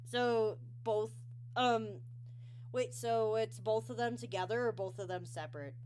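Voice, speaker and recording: A woman's voice: a little high, a little slow, a little mellow. A young woman hosting a casual online interview, rambling and sidetracked, with lots of ums and restarts. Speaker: interview show host.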